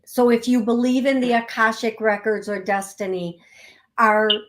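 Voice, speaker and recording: A woman hosting a call-in show, giving a psychic reading in a gentle, chatty way and spelling words out letter by letter. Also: on the high side. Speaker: psychic medium host.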